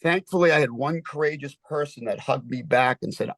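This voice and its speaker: A man's voice: mid-range voice, fairly quick, hardly any pauses, a bit bright, no room sound. Shaken guy testifying, urgent and emotional, dry close sound. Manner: urgent, emotional, repeats himself. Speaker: witness testifying at a hearing.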